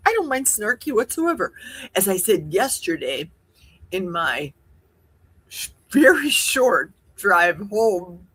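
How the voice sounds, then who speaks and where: Chatty husky woman hosting a livestream. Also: fairly low pitch. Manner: chatty, rambling, animated with gasps and laughs. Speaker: livestream host. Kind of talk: casual live Q&A chat. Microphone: livestream setup.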